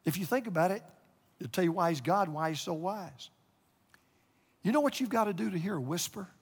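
Pastor, male, earnest sermon voice, slightly high, long church reverb. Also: expressive, fairly quick, breathy edge. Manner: earnest, personal, rising to impassioned exhortation.

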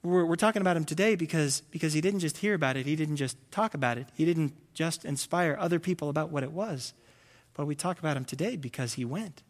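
A man preaching a sermon as a pastor, animated and acting out comic voices, a father of several kids. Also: on the high side, quick pace, long reverb tail. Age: adult with children. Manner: animated, acts out voices with loud comic bursts.

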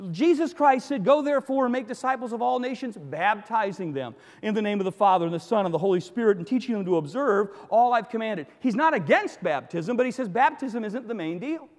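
A male pastor delivers an emphatic sermon in a high voice that swings widely in pitch. He drives his points home with rhetorical questions and repeated phrases. His voice carries a long reverb from the church hall around him. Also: lively intonation, brisk, few pauses.

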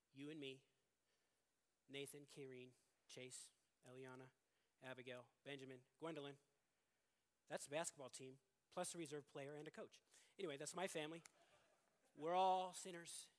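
A middle-aged male pastor preaching a sermon in an earnest manner, often restarting phrases and swinging from loud emphasis to quiet, low stretches.

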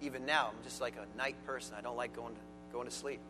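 A man's voice: mid-range voice, steady tone, quick pace. A man preaching a sermon as pastor, earnest and emphatic, stressing key words. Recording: long hall reverb with faint music.

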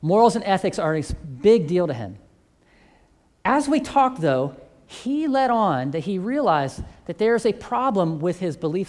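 A man's voice: sits high, a little mellow. A man who teaches a church faith course, telling a testimony story and acting out both sides of the conversations.

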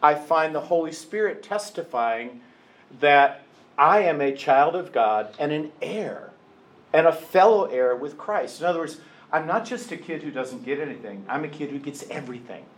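Older man teaching, slightly high voice. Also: normal speed, rough recording. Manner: lively storytelling, acts out voices in quotes. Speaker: Bible class teacher. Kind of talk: informal Bible teaching.

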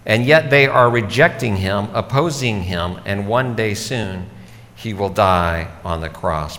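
A man's voice: on the low side, fairly bright tone. Man preaching in a reverberant hall. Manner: conversational, explanatory preaching. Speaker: pastor. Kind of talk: sermon.

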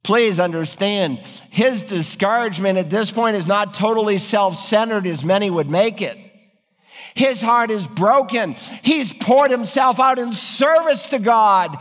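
A man's voice: high-pitched, unhurried, fairly bright tone, in a large hall. A man preaching an earnest, emphatic sermon, acting out biblical quotes with dramatic feeling. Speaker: pastor.

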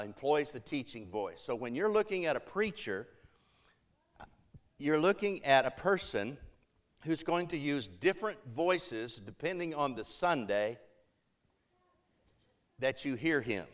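A man's voice: fairly high pitch, a bit bright. A middle-aged pastor preaching a sermon, shifting his voice to act out the people he quotes.

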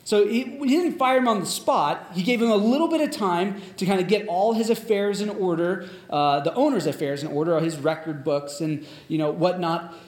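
A man's voice: sits high, normal speed, few pauses. A man preaching a sermon in a casual, conversational way, retelling a story with plenty of fillers. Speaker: pastor. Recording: echoey room.

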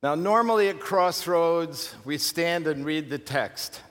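A male pastor preaching an animated, emphatic sermon with rhetorical questions and humorous asides. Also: a little high, takes it slowly. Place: church sanctuary. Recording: long hall reverb from a church.

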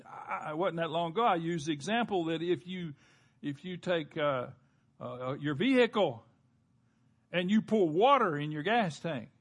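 A man preaching a sermon, earnestly, slowing down and dropping low for emphasis and calling on the congregation to respond. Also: expressive. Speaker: pastor.

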